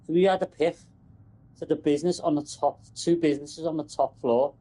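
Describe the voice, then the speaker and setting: A man's voice: a little high, steady tone, brisk, warm tone, rough recording. A man, a telecom engineer, rambling and swearing in casual chat about his work.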